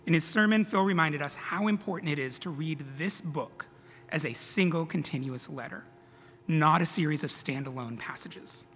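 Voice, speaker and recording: In a church sanctuary, a man preaches to his congregation in a conversational style, dropping casual jokes at his own expense. His voice is on the high side and fairly bright, at a normal pace, with a long reverb tail.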